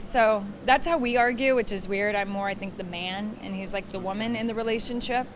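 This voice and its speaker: A woman in her thirties chatting as an interview guest outdoors, telling stories and acting out quotes with lively energy. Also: fairly high pitch, a little fast, hardly any pauses, slight background noise. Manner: chatty, animated storyteller who acts out quotes. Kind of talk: casual chat.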